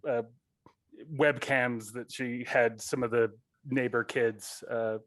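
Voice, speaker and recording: A man playing a tabletop role-playing game, animated and quick-witted, chatting in character. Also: mid-range voice, no echo. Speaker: player. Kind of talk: casual tabletop role-play.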